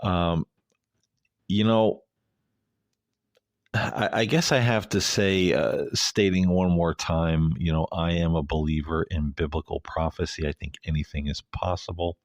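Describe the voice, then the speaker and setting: A man's voice: deep voice, steady tone, a little slow, dry recording, clean studio sound. A male host giving a rambling, hesitant, earnest solo commentary.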